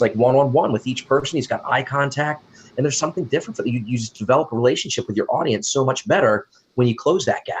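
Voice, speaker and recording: A man's voice: mid-range voice, a little hiss or hum, rough recording. A man from the United States, a wedding DJ and emcee, chatting in a friendly, storytelling way as a guest. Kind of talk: casual interview chat.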